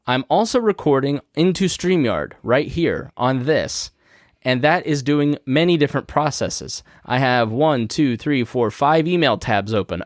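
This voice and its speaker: With a medium-pitched voice and no echo, this man hosts a podcast from his studio. He lays out a topic plainly, step by step, in a relaxed conversational tone, recorded on a studio mic through a podcast mixing board.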